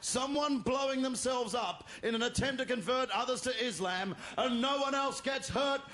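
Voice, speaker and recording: A man performing a stand-up comedy routine, telling stories with animated delivery and shouted punchlines. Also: very high voice, moderate pace. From Australia. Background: audience laughter.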